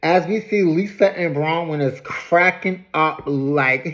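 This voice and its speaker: A woman casually recapping a reality show episode in an animated, gossipy storytelling manner. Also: deep voice, slow pace.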